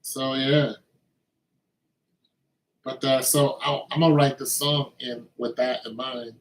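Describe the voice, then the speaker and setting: A man in his fifties, a singer-songwriter chatting casually between takes in a relaxed, musing way with easy fillers. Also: mid-range voice, slow, slight background noise. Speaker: singer-songwriter making beats. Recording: echoey room with faint music.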